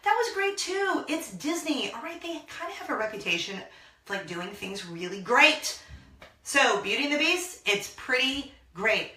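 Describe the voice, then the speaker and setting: A woman in her thirties hosting a casual vlog from a small laundry room, talking excitedly and gushing to her viewers. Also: on the high side, measured pace. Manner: gushing, excitable, bursts into song. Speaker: vlog host. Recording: echoey small room, mic at a distance.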